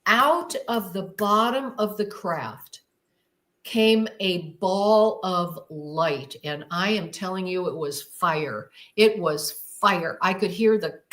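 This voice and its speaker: A woman's voice: medium pitch, a bit bright. A woman being interviewed who tells her story with emphasis and drama, acting out her own inner thoughts as she goes. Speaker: guest.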